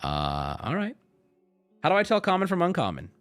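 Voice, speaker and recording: A male streamer opening card packs live in casual, joking chat. His pitch swings widely, and he breaks into shouts when a rare card appears. Faint music plays underneath. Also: huge pitch swings, normal speed.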